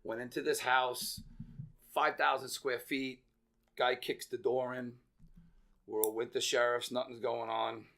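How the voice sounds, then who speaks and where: A man guest on a podcast telling lively stories in casual chat, swearing freely and acting out the people in them. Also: medium pitch, measured pace, creaky. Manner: animated, swears freely, acts out voices. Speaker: podcast guest, real estate veteran. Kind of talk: casual storytelling.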